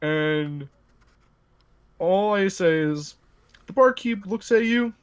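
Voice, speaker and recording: A man, the game master, casually retelling his tabletop role-playing session in an animated, rambling way. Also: sits high, measured pace, clear, resonant tone. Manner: rambling, animated, lots of filler and restarts.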